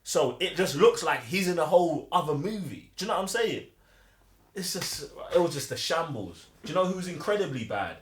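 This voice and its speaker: A man's voice: on the high side, a little fast, slight background noise. Young guy ranting bout a film, voice all over the place, echoey room. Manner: animated, slangy, mimics film lines mockingly. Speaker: podcast co-host. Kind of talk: casual movie review chat. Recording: roomy echo.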